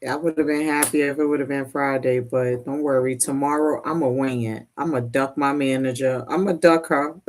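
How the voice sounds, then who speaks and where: A woman's voice: extremely low pitch, lively intonation, normal speed, a little mellow. A woman hosting a live sewing stream, chatting casually with viewers and laughing often. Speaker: livestream host. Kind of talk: casual chat while sewing.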